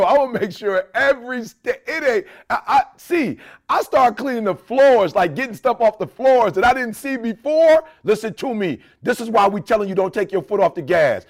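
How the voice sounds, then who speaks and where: A middle-aged man co-hosting a casual podcast, speaking. His voice sits high and has a gravelly edge. He tells stories with a lot of energy and puts on the voices of the people in them. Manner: animated storyteller, acts out quoted voices. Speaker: podcast co-host.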